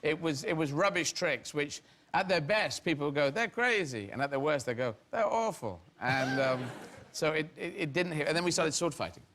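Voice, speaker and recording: A man's voice: a little high, a little fast, a bit bright. A middle-aged man from England, a comedian guest on a talk show, telling rambling stories that he often breaks off and laughs through. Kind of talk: anecdotal talk show storytelling.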